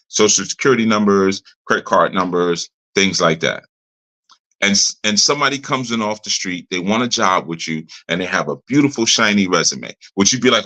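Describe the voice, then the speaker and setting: A middle-aged man gives an informal teaching talk to a ministry audience, speaking directly and conversationally and repeating points for emphasis. His lowish voice sounds pushed and bright.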